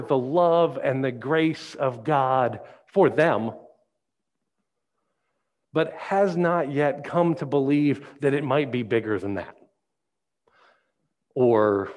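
A male pastor preaching a sermon, retelling a Bible story in a lively storytelling way. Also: medium pitch. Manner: animated storytelling.

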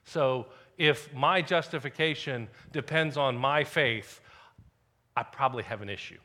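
A middle-aged man preaches from the pulpit with a bright, forward voice. He speaks like he is telling friends a story, at a medium pitch. Now and then he drops into quiet asides. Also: unhurried. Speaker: pastor. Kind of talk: sermon.

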